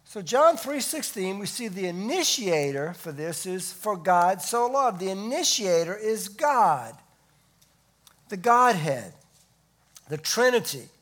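A man preaching a sermon, stressing key words loudly and dropping to hushed asides. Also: sits high, very animated, slow. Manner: emphatic, swinging between loud stresses and hushed asides. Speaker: pastor.

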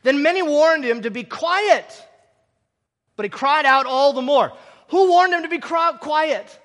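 A man's voice: very high voice, expressive, measured pace, a bit bright, in a large hall. A man preaching a sermon, repeating his points with emphasis and checking in with the audience. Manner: repetitive, emphatic, draws in the audience.

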